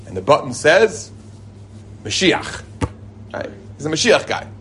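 Telling lively stories to a group, a man living in Israel weaves in religious teaching at an unhurried pace. He often shifts into a high, excited voice for quotes, chuckles and starts sentences over, with slight background noise present.

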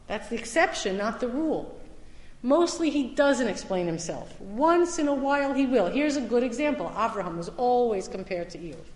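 A woman's voice: a little high, animated, moderate pace. Emphatic woman teaching in an echoey hall. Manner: emphatic, swings between loud stresses and quiet asides. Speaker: Torah teacher. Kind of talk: summer class lecture. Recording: echoey hall with long reverb.

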